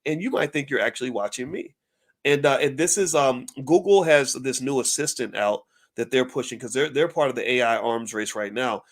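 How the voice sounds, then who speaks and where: A middle-aged man talks straight to his viewers in a loose, conversational way. He is animated and often doubles back on his words mid-sentence. His voice sits at an ordinary middle pitch for a man. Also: moderate pace. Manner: animated, repeats words while talking things through. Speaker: finance commentator. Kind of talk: casual direct-to-camera commentary.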